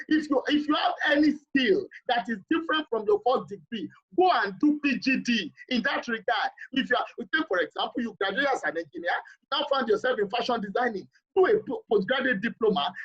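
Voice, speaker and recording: A man's voice: very high voice, expressive, brisk, hardly any pauses, a bit bright, slightly rough, dull audio. A man giving a motivational seminar talk, emphatic and repetitive, pressing his listeners with questions. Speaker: seminar speaker.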